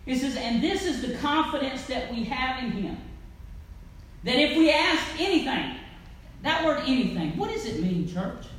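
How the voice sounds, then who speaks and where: High-voiced woman preaching in an echoey church. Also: big pitch swings, moderate pace. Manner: rising and falling, from loud calls to near-whispers. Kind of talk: sermon. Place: church sanctuary. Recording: echoey church with faint noise.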